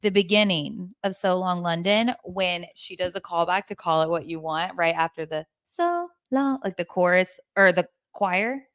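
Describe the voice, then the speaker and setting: A woman hosting a podcast, chatting casually about an album in an animated way and leaning on filler words. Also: lowish voice, moderate pace, few pauses, dry recording, clean studio sound. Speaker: podcast host. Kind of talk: casual chat about music.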